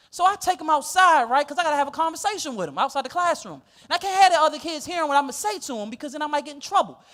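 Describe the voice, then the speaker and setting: A male pastor telling a story in a sermon, animated and laughing as he goes. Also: very high-pitched.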